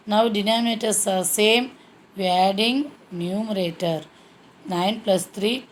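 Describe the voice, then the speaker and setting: A woman's voice: medium pitch, a little mellow, a little hiss or hum. A woman teaching a maths lesson step by step, checking in with frequent "okay"s. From India.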